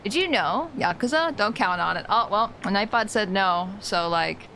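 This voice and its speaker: A woman's voice: mid-range voice, expressive, moderate pace, sharp tone, a little hiss or hum. A woman streaming a game live, chatting casually in a passionate way and laughing often. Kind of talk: casual live-stream chat while gaming.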